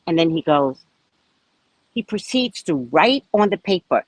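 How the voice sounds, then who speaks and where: Lively, chatty woman vlogger. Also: low-pitched, moderate pace, no echo, poor audio. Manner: chatty, animated, frank and a bit profane. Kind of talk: casual storytelling vlog. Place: at a resort.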